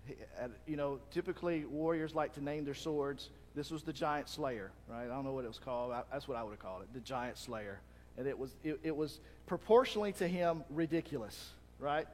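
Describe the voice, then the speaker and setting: Animated man preaching in a hall. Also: mid-range voice, a little fast, a little hiss or hum. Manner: animated, acts out crowd shouts. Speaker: pastor. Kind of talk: sermon. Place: church hall. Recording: long reverb of a hall.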